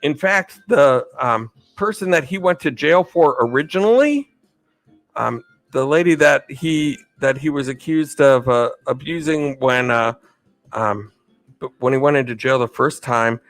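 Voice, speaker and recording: A man's voice: medium pitch, expressive, measured pace, fairly bright tone, soft background music, low-quality recording. A man hosting a live stream, answering chat questions in a chatty way, laughing often and losing his train of thought. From United States. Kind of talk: casual chat.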